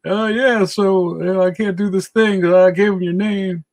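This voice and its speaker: A man's voice: high-pitched, steady tone, unhurried, darkish tone, pitched above the performer's own voice. A man putting on a laid-back artist buddy's voice. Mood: helpful. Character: easygoing male artist friend passing on work.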